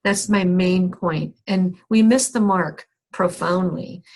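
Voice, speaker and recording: A woman's voice: lowish voice, takes it slowly, darkish tone. A middle-aged woman counselor telling a candid, self-deprecating personal story in a skills workshop, with many restarts and fillers. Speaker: counselor teaching a skills session.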